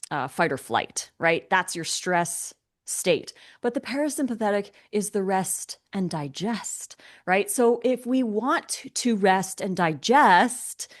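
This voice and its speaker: A young adult woman speaks casually as co-host of a wellness talk. She explains ideas in an easygoing, conversational way, slowing down on key points and leaning on everyday examples. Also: medium pitch.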